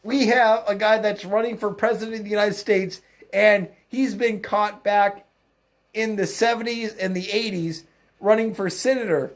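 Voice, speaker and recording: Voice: medium pitch, steady tone, normal speed. A political commentator ranting mockingly in a solo video, breaking into laughter often.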